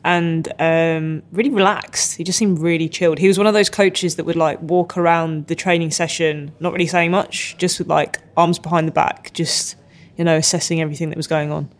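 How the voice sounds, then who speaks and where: A man co-hosting a podcast, chatting in a relaxed, easygoing way. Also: on the high side, brisk. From Philippines. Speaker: podcast co-host. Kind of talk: casual chat.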